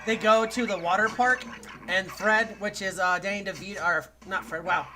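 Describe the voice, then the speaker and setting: A man's voice: high-pitched, steady tone, normal speed, pushed and bright. A young man co-hosting a podcast, chatting loosely and crudely about a party game and laughing often. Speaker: podcast co-host. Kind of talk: casual comedic chat while playing a party game.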